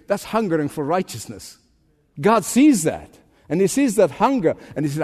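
A man preaching a sermon with emphatic delivery, drawing out key phrases and swinging his pitch up and down for emphasis. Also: sing-song, brisk, darkish tone, long reverb tail. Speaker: pastor.

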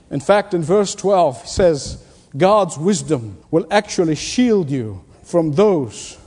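A man preaching in a high, mellow voice that rings through a big hall with a long echo. He delivers his sermon with force, repeating key phrases and dropping to near whispers for effect. He comes across as a pastor working a congregation. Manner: emphatic preaching, repeats key lines, swings from loud to hushed.

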